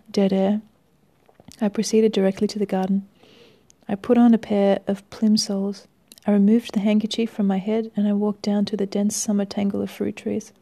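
A woman reads a first-person story with a wry, measured delivery, and at times her voice sinks to a near-whisper. Her voice is low and gravelly, dark and mellow in tone. The pitch stays fairly flat throughout. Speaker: reader.

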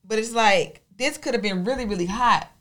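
Woman co-host, relaxed self-mocking banter. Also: on the high side, moderate pace. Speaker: podcast co-host. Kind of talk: casual chat.

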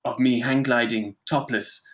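A man voicing a vain, flirty photographer, speaking in a breathy half-whisper. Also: mid-range voice, steady tone, measured pace, lightly acted. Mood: smarmy. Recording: roomy echo.

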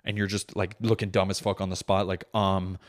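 A young man hosting a podcast, telling a comedic monologue in a profane, animated way with sudden loud bits. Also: deep voice, brisk. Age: young adult. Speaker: podcast host.

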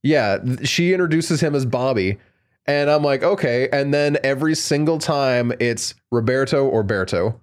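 A man chatting casually about a movie, ranting in an animated way and jumping up in pitch when exasperated. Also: moderate pace, clear, resonant tone. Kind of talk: casual movie review chat.

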